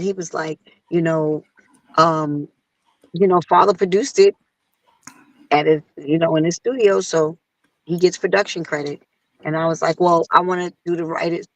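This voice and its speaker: Animated woman telling a story. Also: no echo, low-quality recording. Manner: animated, acts out quotes in a higher voice. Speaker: guest singer. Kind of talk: casual storytelling.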